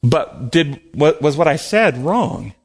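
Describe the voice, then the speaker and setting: A man's voice: on the high side, very animated, takes it slowly, breathy edge. A man preaching a sermon in an earnest, emphatic way, acting out short quoted exchanges and closing with a prayer.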